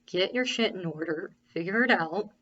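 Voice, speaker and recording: A woman's voice: fairly low pitch, lively intonation, normal speed, a bit bright, dull audio. A woman voicing a caring, firm middle-aged male parole officer, earnestly pleading and repeating key phrases.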